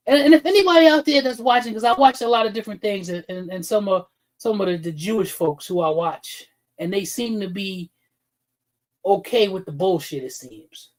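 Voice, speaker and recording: Hosting a livestream, a man rants bluntly and heatedly, swearing heavily and calling out chat viewers by name. His voice is high, and the recording quality is low.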